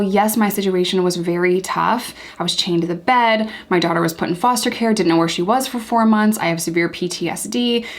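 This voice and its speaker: A woman in her thirties giving earnest, emotionally charged commentary to camera as a vlogger. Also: medium pitch.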